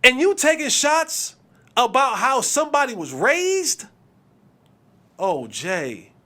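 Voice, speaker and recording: A man's voice: very high voice, big pitch swings, takes it slowly, pushed and bright. A man hosting a sports podcast, talking emphatically with repetition and slang. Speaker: podcast host.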